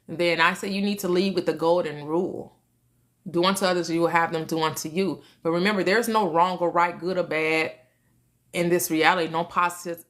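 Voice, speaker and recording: Woman, host, casual spiritual teaching, frequent laughs, repeated words, unhurried. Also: lowish voice, fairly bright tone. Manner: laughs often, repeats words, restarts phrases. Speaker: host of a manifestation livestream. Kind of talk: casual spiritual teaching, answering chat questions.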